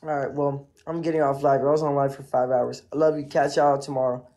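Gravelly, mellow-voiced man on a live stream. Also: mid-range voice, level tone, a little fast. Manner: laid-back, thanking viewers for gifts. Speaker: livestreamer. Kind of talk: casual live-stream chatter.

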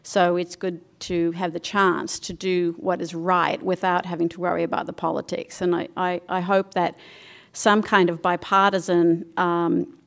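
A woman finishes her conference remarks in an earnest, slightly hesitant way. Her voice is lowish and stays flat, with little rise or fall. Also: moderate pace, vocal fry. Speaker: conference speaker. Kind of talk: closing remarks of a talk.

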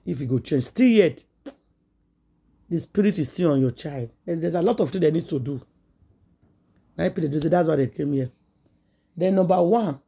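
A woman's voice: low voice, warm tone, husky. A woman with a Nigerian accent, a gossip vlogger retelling a story in Pidgin English and acting out the quoted dialogue in a chatty, dramatic way.

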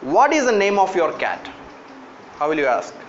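A man's voice: high voice, wildly swooping pitch, moderate pace, a little hiss or hum. A man with an Indian English accent giving a classroom lecture on Japanese, coaxing students with lots of fillers and calling on them by name. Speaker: university lecturer teaching Japanese. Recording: echoey lo-fi classroom recording.

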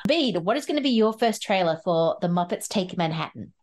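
A woman's voice: on the low side, expressive, brisk. A woman hosts a casual podcast chat from a video call. She talks freely and often breaks into laughter. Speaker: podcast host.

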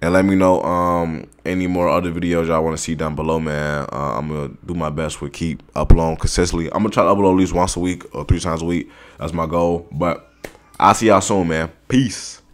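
A young man hosting a reaction video, talking in a casual, slangy, excitable way straight to his viewers and to the video on screen. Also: deep voice, a little fast.

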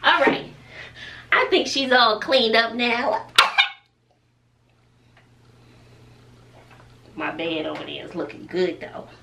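A bright, lively woman talks casually to the camera, thinking out loud and chatting to herself. Her voice sits fairly high and swings widely. She is a little off the mic in an echoey bedroom with a faint hiss behind her. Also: very slow, vocal fry, long pauses, far from the mic. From Texas. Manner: chatty, muses aloud to herself. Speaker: family vlogger. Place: bedroom at home.

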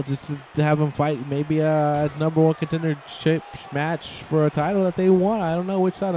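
Excitable man doing hype play-by-play. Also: fairly high pitch, slight background noise. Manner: hyped, rambling, shouts on big moves. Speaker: amateur video game wrestling commentator.

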